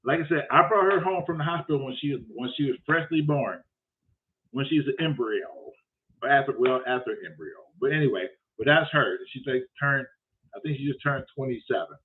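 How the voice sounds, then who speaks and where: A man's voice: mid-range voice, animated, brisk. A man hosting a show, telling a story casually with lots of profanity and acting out both sides of a conversation. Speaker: host. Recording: phone-like lo-fi audio.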